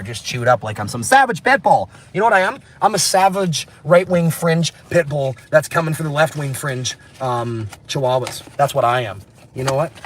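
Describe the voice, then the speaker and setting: A man rambling through a livestream while walking city streets outdoors, excitable and laughing, his voice hoarse from screaming. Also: on the high side, slight background noise. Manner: excitable, laughing, shouting bursts.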